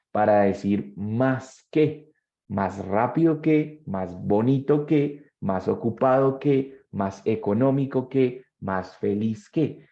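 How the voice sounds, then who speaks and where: A man's voice: lowish voice, gravelly, a little mellow, highs cut off. A male English teacher, giving a bilingual classroom lesson and quizzing his students. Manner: switches between English and Spanish, quizzes students.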